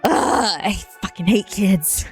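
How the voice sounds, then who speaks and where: A woman's voice: mid-range voice, slow pace, faint music behind. A young woman streamer chatting casually, dramatic and prone to repeating herself and groaning.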